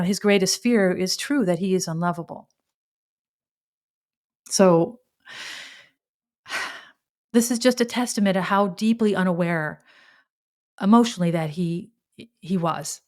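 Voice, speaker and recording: Woman, podcast host, personal storytelling, reflective, halting, lowish voice. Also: darkish tone. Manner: reflective, halting, with sighs and restarts.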